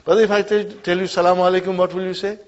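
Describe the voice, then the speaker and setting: A man's voice: high-pitched, level tone, fast, darkish tone. A man teaching Arabic to a class, drilling call-and-response phrases and often checking that students are following. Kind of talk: classroom lesson. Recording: muffled lo-fi classroom recording.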